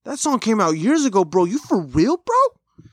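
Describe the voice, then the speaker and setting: A man putting on an excited, hyped-up man with a thick New York accent, voice jumping up high. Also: moderate pace, dry recording, studio quality, heavily acted. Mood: amazed.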